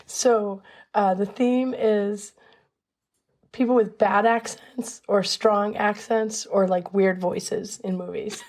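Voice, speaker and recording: A woman's voice: mid-range voice, fairly even intonation, darkish tone. Woman with a cold hosting a game. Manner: laid-back, asks the game questions with pauses. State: has a cold. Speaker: recurring game segment host. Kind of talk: casual podcast chat.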